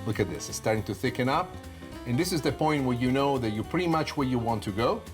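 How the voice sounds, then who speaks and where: A man in his sixties with an Italian accent, hosting a cooking show and explaining a dessert in an expressive, storytelling way. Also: medium pitch, quick pace, soft background music. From Sicily, Italy. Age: 60s. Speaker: TV chef host.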